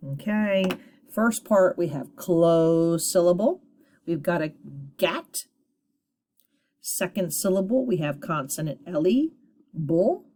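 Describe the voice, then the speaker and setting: Slow, patient woman teaching phonics. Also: on the low side, animated, mellow. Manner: patient, encouraging, sounds words out slowly. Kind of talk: phonics lesson for children.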